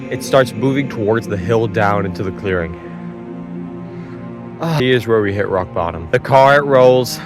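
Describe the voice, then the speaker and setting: A young man narrating a storytime vlog, animated and exaggerating for laughs, swearing freely. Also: lowish voice, normal speed. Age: young adult. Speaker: vlogger. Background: clear background music.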